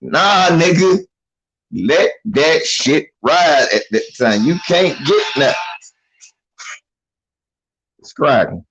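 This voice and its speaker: Casual male commentator, lively pitch, profane, mimics voices. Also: takes it slowly, pauses often, husky, rough recording. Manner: animated, laughing, mimics voices. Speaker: commentator reacting to a video.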